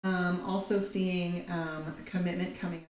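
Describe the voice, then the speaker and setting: A woman's voice: lowish voice, flat delivery, measured pace. A woman giving casual live tarot readings, chatty and blunt, reading out viewer comments and swearing now and then. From Irish heritage. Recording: echoey room with faint noise.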